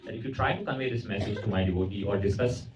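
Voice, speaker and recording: A man's voice: on the low side, racing, crowd noise. A man giving a devotional lecture at a temple, telling a story and asking his audience questions, often repeating words as he goes. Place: temple hall. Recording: roomy, distant, dull recording.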